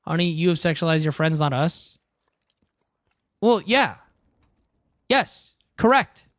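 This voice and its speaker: Speaking slowly and expressively, a young man streams a game from his home room, trading crude jokes and lots of "dude" on a close headset mic. His voice is a little high and a bit bright, with no room sound in this casual chat.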